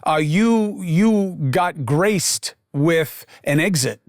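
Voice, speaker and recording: Blunt, profane man, higher voice. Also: expressive, drawn-out words, no echo, clean studio sound. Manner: blunt, profane, sarcastic, emphatic. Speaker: podcast host. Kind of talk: heated political commentary.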